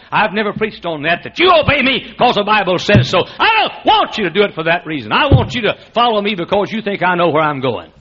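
A man preaching a sermon as pastor, animated and laughing, often restarting his sentences, on a dull lo-fi recording. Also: high voice, fairly quick, breathy edge.

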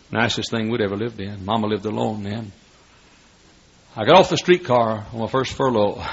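Older preacher guy telling a story, gravelly and husky, kinda muffled old recording. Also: lowish voice. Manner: folksy, dramatic, building to shouts. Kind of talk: sermon storytelling.

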